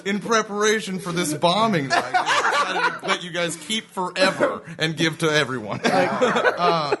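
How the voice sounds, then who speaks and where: A man guesting on a comedy podcast, telling jokes in a deadpan, serious newscaster manner. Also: sits high, unhurried, very noisy. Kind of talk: casual comedy banter.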